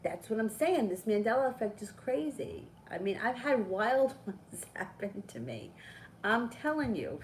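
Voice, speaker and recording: Animated woman telling a story, faint background hiss. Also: a little high, unhurried, poor audio. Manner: animated storytelling, swears casually. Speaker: tarot reader. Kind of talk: casual live-stream chat.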